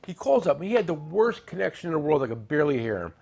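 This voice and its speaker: A middle-aged man hosting a tool show, chatting casually and joking as he pitches products and tells stories. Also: sing-song, fast, vocal fry, a little mellow. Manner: joking, rambling, salesy with asides. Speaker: tool dealer and show host. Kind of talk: casual product talk and storytelling.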